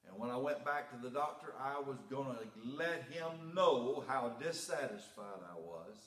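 A man delivers a sermon from the pulpit, mixing homespun personal stories with rising preaching emphasis. His voice sits at an ordinary pitch for a man. The sound carries the echo of a church sanctuary. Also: lively intonation, a little slow, fairly bright tone. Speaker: pastor. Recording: echoey church room.

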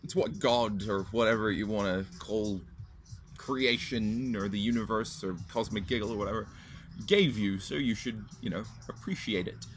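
A young man hosting his own video channel answers a fan's question with a blunt, casual rant to camera, swearing freely. His lowish voice moves at a normal speed, with a little hiss or hum in the recording.

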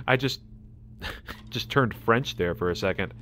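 A man's voice: medium pitch, normal speed. An American man hosting a gaming channel, chatting and laughing through casual gameplay commentary. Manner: excitable, chatty, laughs a lot.

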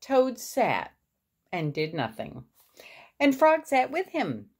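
A woman reading a picture book aloud to her boy, pausing to point out the pictures. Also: a little high, huge pitch swings, breathy edge. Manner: warm, explaining the pictures. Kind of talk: storybook read-aloud.

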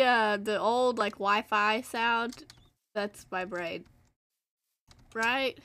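A woman's voice: mid-range voice, steady tone, drawn-out words, pushed and bright, smooth. A teenage girl streaming a game, chatting casually in a rambling, self-deprecating way. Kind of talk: casual gameplay chat.

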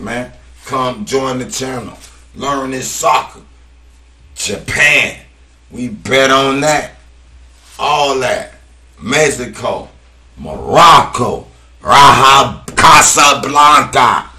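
A man hosting a sports betting channel, calling out team names in long, loud, high shouts between low mumbled asides, slangy and casual. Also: slow pace. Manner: slangy, keeps saying "boy".

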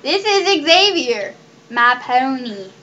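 A woman hosting a silly comedy sketch in a deliberately fake accent, playful and breaking into loud scolding. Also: sits high, big pitch swings, highs cut off. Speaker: comedy video host.

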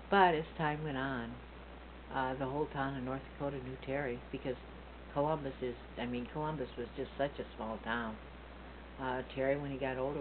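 Older woman with a very low voice, rambling. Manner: rambling, self-correcting, laughs often. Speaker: family storyteller. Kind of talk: casual reminiscing. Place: front porch, outdoors. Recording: tinny phone-like sound with faint hum.

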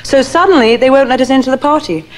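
Chatty English actress guest, high voice. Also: female voice, quick pace. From England. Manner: animated storytelling with laughs and restarts. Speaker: talk show guest, actress. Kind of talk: chatty anecdote telling. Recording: 1980s TV studio broadcast.

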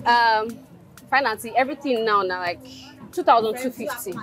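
A woman with a Nigerian accent playing a street food seller who flatters her customer and talks in pidgin. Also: on the high side, moderate pace, faint music behind, natural voice. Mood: fawning. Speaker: actress playing a food vendor. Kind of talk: Nollywood film acting.

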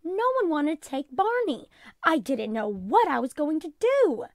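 A woman's voice: high voice, sing-song, unhurried, a little mellow, no room sound, clean studio sound, pitched above the performer's own voice, heavily acted. A woman reading aloud and voicing a kindly, relieved woman teacher in a storybook.

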